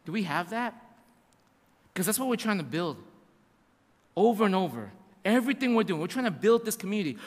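A man preaching a sermon as pastor, animated and repetitive, acting out little asides. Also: high voice, big-room sound.

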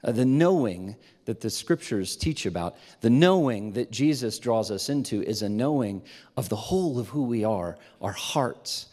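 A man preaching to a live audience, telling a self-mocking story with animation and dropping to a hushed tone when he reflects. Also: medium pitch, lively intonation, moderate pace. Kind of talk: sermon storytelling. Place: large hall with a live audience. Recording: long hall reverb.

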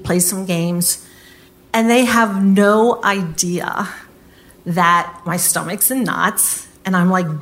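Slow-paced candid woman storyteller. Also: medium pitch. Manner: candid, animated retelling with quoted voices; swears casually. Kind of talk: live personal storytelling.

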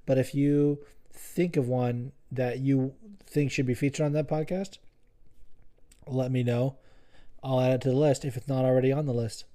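A man's voice: medium pitch, steady tone, moderate pace, warm tone. A young man hosting a podcast, chatting in a rambling, profane, joking way. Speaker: podcast host. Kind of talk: casual podcast chat.

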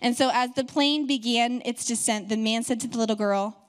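A woman's voice: a little high, brisk. A woman pastor preaching a sermon, telling a story and building to fervent, emphatic proclamation.

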